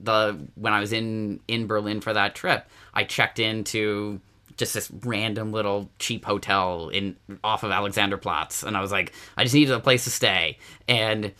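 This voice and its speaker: A man from Nova Scotia with a Nova Scotian accent, a podcast guest telling stories in a chatty, animated way, full of fillers, restarts and quoted asides. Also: lowish voice, moderate pace. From Nova Scotia, Canada. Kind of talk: casual conversational interview.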